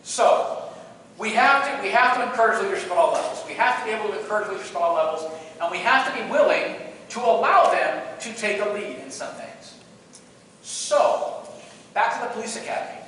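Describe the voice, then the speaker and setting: A man with a high, bright voice tells a keynote story in an animated, self-mocking way. He is recorded from far off in a large hall with a long, echoey reverb. A faint noise sits behind him. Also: fairly quick. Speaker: conference speaker.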